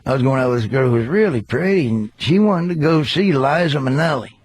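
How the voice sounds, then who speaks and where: A man with a drawl spins folksy stories in casual radio talk, slipping into voices for the people in them. His pitch sits in the middle for a man. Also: animated, a little fast, darkish tone, husky. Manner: folksy storyteller, puts on voices for characters. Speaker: comedian guest.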